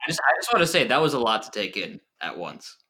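A man at a tabletop game table, cracking dry jokes. His voice sits at a middle pitch and is bright and forceful. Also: sing-song, quick pace. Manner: dry, joking asides. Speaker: player.

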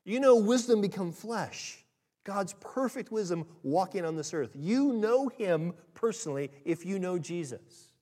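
A man preaching a sermon with a lively, swooping pitch that rides high on his emphatic points. He talks to the congregation in a conversational way, rising to loud emphasis and dropping to quiet asides. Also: unhurried. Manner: animated, conversational preaching that swings from loud to soft. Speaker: pastor.

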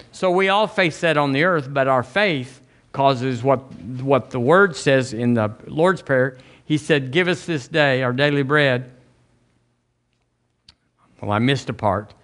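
A man preaching a sermon as pastor, folksy and emphatic, climbing higher on key lines. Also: a bit bright. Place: church sanctuary.

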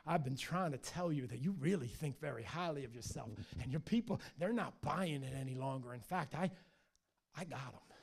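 A man's voice: mid-range voice, expressive, moderate pace, creaky, husky, pitched below the performer's own voice. A man voicing a whiny, groveling male devil who sulks and complains. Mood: sly boastful. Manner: whining, complaining.

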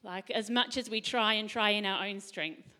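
A middle-aged woman hosting a faith talk panel, chatty and quick to laugh. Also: mid-range voice, steady tone, bright, forceful tone. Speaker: host.

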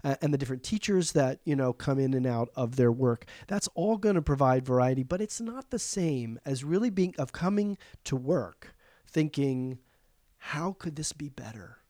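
Mellow-voiced man thinking aloud. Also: mid-range voice, animated, moderate pace, dry recording, clean studio sound. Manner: reflective, thinks aloud with frequent "you know" and "like". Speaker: arts education administrator. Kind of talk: casual conversation.

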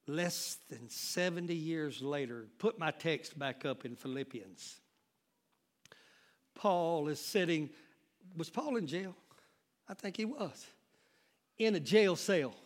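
A man preaching a sermon as pastor, calling out to the congregation and building up to shouts. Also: a little high, expressive, takes it slowly, pauses often.

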